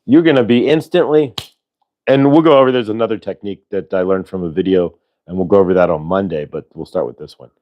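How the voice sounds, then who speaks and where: A man hosting a show, talking listeners through a breathing exercise in a relaxed, rambling way, with lots of fillers and audible sighs. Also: deep voice, quick pace, highs cut off. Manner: sighs audibly between instructions. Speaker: host leading a breathing exercise. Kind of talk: casual spoken guidance.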